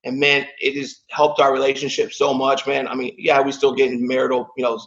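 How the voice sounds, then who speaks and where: A man's voice: medium pitch, monotone, brisk, a bit bright, lo-fi sound. A man in his thirties, a podcast guest, telling a personal story in a casual, emotional way, with "man" and "like" in almost every line. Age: 30s.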